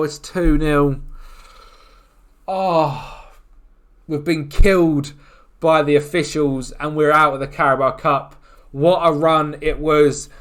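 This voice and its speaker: Excitable gamer, slightly high voice, live match commentary with shouts and groans. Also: male voice. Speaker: gaming YouTuber. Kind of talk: football management game commentary.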